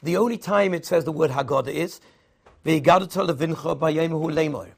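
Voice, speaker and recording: A man's voice: fairly high pitch, fairly quick, gravelly, breathy edge. A man giving a Torah sermon in English, weaving Hebrew and Yiddish terms into his teaching. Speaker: rabbi giving a Torah talk.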